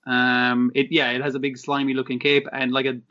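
A man co-hosting a casual recap chat, talking loosely, swearing and retelling scenes with quick voiced asides. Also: medium pitch, completely flat delivery, bright, forceful tone, lo-fi sound. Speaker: podcast co-host.

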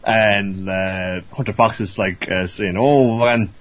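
A man's voice: sits low, little pitch movement, takes it slowly, a bit bright, muffled recording. A man in casual chat who rambles and swears as he recaps a show, acting out its characters. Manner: rambling, profane, acts out characters. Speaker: podcast host recapping a show.

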